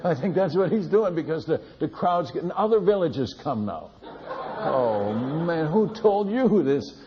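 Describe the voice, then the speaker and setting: A man, a missionary, tells a lively testimony story, laughing and repeating words as he goes. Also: on the high side, measured pace, big-room sound, a little hiss or hum. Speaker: missionary speaker. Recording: dull lo-fi recording.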